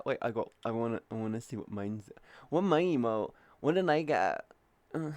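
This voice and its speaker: A woman's voice: a bass voice, animated, moderate pace, darkish tone, dry recording. A young woman chatting on a live stream, playful and crude, calling her chat sweetie and baby. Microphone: headset boom mic.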